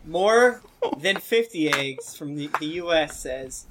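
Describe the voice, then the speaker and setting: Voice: mid-range voice, lively intonation, slow, heavy background noise. Podcast regular reading out reviews, bouncy up and down voice, cracking jokes in between. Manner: playful, jokey asides between reviews. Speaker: podcast cast member. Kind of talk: casual chat, reading listener reviews aloud.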